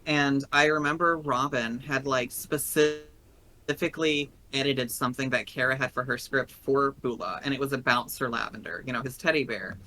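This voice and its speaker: A man's voice: mid-range voice, fairly even intonation, moderate pace, rough recording. A man from Tennessee with a Tennessee accent, a guest player chatting earnestly and rambling a little on a podcast. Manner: earnest, rambling, openly emotional. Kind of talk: casual podcast chat.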